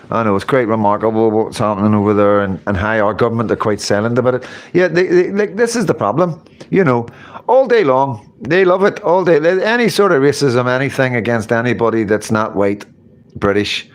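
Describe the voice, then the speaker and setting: A man's voice: mid-range voice, moderate pace. A man hosting a casual live stream, reading chat comments and rambling with repeated phrases and casual swearing. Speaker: livestream host reading chat.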